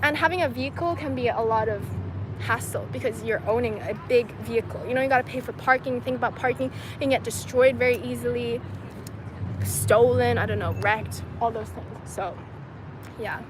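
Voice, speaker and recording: A woman's voice: fairly high pitch, moderate pace. A young woman from China chatting casually to a livestream, rambling and filling her talk with "like". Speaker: streamer answering chat questions. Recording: outdoor street and traffic noise.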